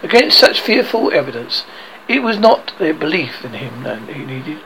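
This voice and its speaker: A man narrating an audiobook in an expressive way, now and then stumbling and rereading words. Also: fairly high pitch, normal speed, gravelly, slight background noise, low-quality recording. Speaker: reader.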